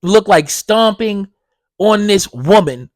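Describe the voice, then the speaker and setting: Profane ranting podcast host, dry sound. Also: male voice, takes it slowly, dry recording. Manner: profane, animated, gets loud and high when ranting. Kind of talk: casual ranting monologue.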